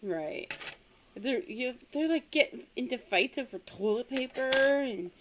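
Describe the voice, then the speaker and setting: A woman co-hosts a casual livestream, speaking slowly and stopping to repeat her words. Her voice sits a little high. A clear steady noise runs behind her. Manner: halting, repeats and restarts words. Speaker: co-host. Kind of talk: casual chat.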